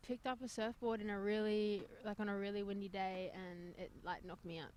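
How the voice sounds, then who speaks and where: A woman's voice: mid-range voice, flat delivery, fairly quick, darkish tone, a little hiss or hum. A young woman with an Australian accent giving short, shy answers in a casual interview. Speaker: soccer player.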